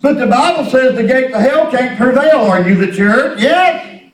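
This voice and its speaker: High-voiced folksy preacher man, echoey. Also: expressive, moderate pace. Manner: folksy, repetitive preaching with storytelling. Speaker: pastor. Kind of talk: sermon. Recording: echoey room, distant mic.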